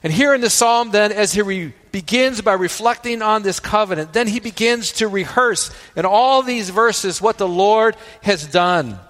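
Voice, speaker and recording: A man's voice: high-pitched, moderate pace, few pauses, fairly bright tone, in a large hall. A man preaching a sermon as pastor. He often checks in with the congregation by asking "right?" and retells scripture at length.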